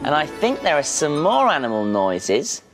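A man's voice: on the high side, huge pitch swings, moderate pace, music in the background. Playful man telling a children's story. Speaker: children's TV presenter. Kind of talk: storytelling to preschoolers.

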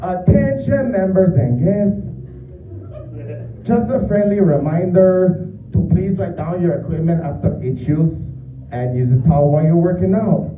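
A man's voice: high voice, unhurried, distant mic, slight background noise. A man voicing a peppy male gym announcer with a Mexican accent, making sing-song exclamatory announcements. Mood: perky. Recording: tinny, roomy club recording from afar.

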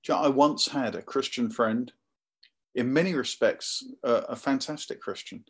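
A man preaching a sermon in a conversational, animated storytelling manner. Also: medium pitch, moderate pace, slightly rough.

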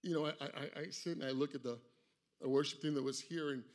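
A man preaching a funeral sermon in a church, swinging from loud, dramatic retellings to soft, low words for the grieving family. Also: fairly even intonation, quick pace. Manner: impassioned, rising loud for quoted voices, dropping soft and low for the grieving. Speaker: pastor.

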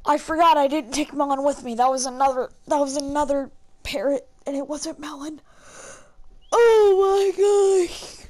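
A woman's voice: high-pitched, steady tone, fairly quick, darkish tone. A woman giving casual gameplay commentary. She chats to her in-game pets and exclaims often. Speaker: gaming video creator.

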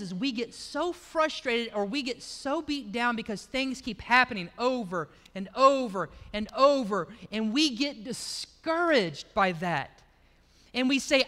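A man's voice: very high voice, pushed and bright, in a large hall. A man preaching a conversational sermon in a church, telling stories as he goes. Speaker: pastor.

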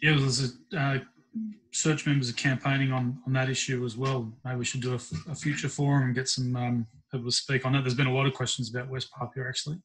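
A man moderating a forum, speaking briskly and casually. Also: mid-range voice, little pitch movement, a bit bright, poor audio. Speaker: forum host. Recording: from away from the mic.

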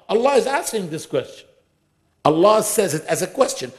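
A man preaching a sermon in a mosque, emphatic, posing rhetorical questions and reciting scripture in quick bursts. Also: on the high side, big pitch swings.

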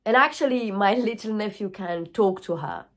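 A woman's voice: mid-range voice, moderate pace, a bit bright. A woman yoga teacher speaking to camera in a candid personal video. She is emotional and openly tearful at times, and she jumps between thoughts, swearing freely. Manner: scattered, frank, swears freely.

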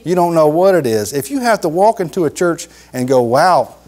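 A middle-aged man preaching a sermon in a folksy, emphatic way, repeating phrases and dropping low for emphasis. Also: lively intonation, a little fast, mellow.

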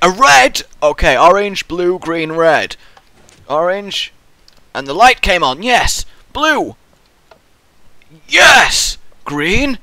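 A young man hosting a gaming video, talking in an excitable, rambling way and acting out the player's thoughts in silly voices. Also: fairly high pitch, smooth, no room sound. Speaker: gaming channel host. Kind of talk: Let's Play commentary.

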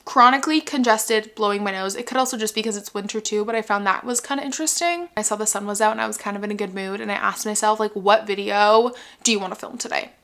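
A woman's voice: medium pitch, quick pace, few pauses, a bit bright. A young woman from Canada chatting casually in a home vlog, full of "like" and "um", a little out of breath. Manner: chatty, lots of fillers like "like" and "um". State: a bit out of breath. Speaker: vlogger.

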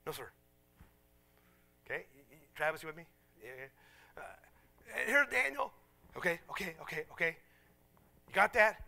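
A middle-aged man preaches a sermon full of stories, using self-mocking humor and acting out the voices of the people in them. His voice sits high with vocal fry, at normal speed, and he pauses often.

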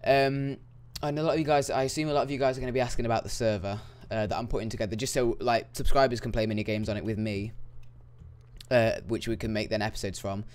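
A young man giving casual, excitable gameplay commentary that swings into loud, frustrated yelps. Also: medium pitch, fast talker, smooth. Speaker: gaming YouTuber.

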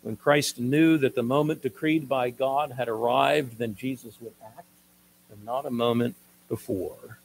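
A man preaching a sermon as pastor, explaining a passage in a measured, teaching way with occasional restarts. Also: mid-range voice, steady tone, gravelly, a little hiss or hum, low-quality recording.

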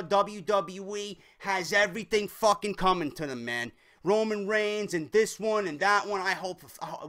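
A man's voice: high-pitched, a bit bright. A man giving an angry, swearing rant as a wrestling show reviewer. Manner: furious, swearing, repetitive rant.

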